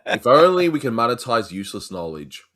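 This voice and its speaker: A man's voice: medium pitch, big pitch swings, fairly quick, a bit bright. A man from Australia hosting a casual chat, rambling and restarting words often. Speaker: host.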